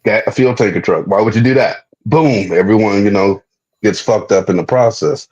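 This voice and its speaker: A man's voice: lowish voice, normal speed, darkish tone, breathy edge, lo-fi sound. A man speaking bluntly and emphatically in casual slangy chat.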